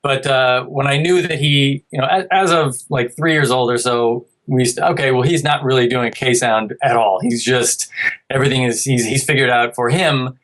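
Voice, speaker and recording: A man's voice: mid-range voice, fairly even intonation, moderate pace, a bit bright, rough recording. A man in his thirties, a podcast guest, talking in a rambling, self-interrupting way and now and then mimicking a child's speech. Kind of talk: casual podcast chat.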